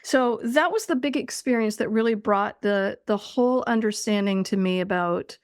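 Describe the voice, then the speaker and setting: A woman guest on a podcast, recounting a spiritual experience in a slow, earnest, deliberate way. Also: mid-range voice, clear, resonant tone, dry recording, clean studio sound.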